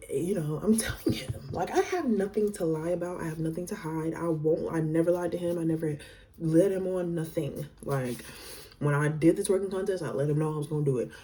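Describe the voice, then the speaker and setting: A young woman tells a casual storytime in an animated, slangy way, packed with fillers. Her voice sits fairly low with a warm, mellow tone. She is a little distant from the mic. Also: a little hiss or hum. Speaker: vlogger.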